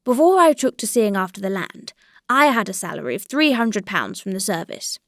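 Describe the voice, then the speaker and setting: Reading the part of an aging country squire with grey whiskers, a woman speaks at medium pitch with wide swings in intonation, sounding deliberate, contemplative and mildly aggrieved. There's no room sound; the recording is dry.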